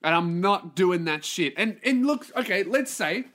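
Male podcast host, solo rant, profane and self-deprecating, slightly high pitch. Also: expressive, measured pace, fairly bright tone. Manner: ranting, sweary, self-mocking.

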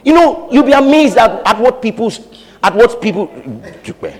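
A man preaching a sermon with animated delivery, acting out voices and laughing often. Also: very high-pitched, normal speed, big-room sound, background noise. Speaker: pastor.

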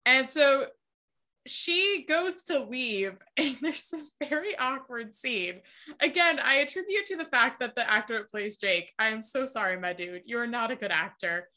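A woman's voice: on the high side, expressive, moderate pace, pushed and bright. A young woman co-hosting a podcast, retelling a TV episode in casual chat, acting out the characters' lines, swearing and laughing as she goes. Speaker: podcast co-host.

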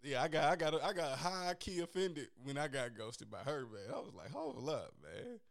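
A man talking casually and candidly about dating, animated and profane, getting loud and high when worked up. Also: normal speed, creaky. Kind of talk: casual chat.

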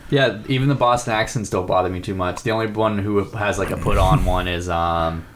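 Low-voiced rambling young man. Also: brisk, background noise. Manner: rambling, filler-heavy. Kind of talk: casual chat.

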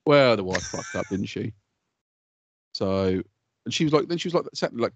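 A man co-hosting a podcast, chatting casually, swearing freely and telling animated stories. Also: fairly low pitch, moderate pace, long pauses, no room sound, highs cut off. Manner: swears freely, animated storytelling with put-on quotes. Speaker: podcast co-host. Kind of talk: casual chat.

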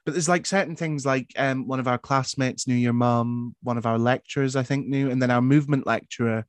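A young man, hosting a casual podcast chat and asking gentle questions with frequent restarts. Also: mid-range voice, steady tone, fairly quick, no echo. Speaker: podcast host.

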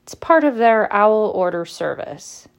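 A woman reading aloud and voicing a clever teenage schoolgirl witch who explains things briskly and scornfully. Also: medium pitch, expressive, vocal fry, pitched above the performer's own voice.

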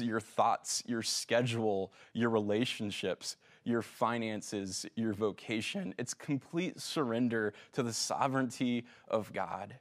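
Conversational man preaching a sermon. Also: medium pitch. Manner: conversational, relaxed preaching with fillers and self-corrections. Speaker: pastor.

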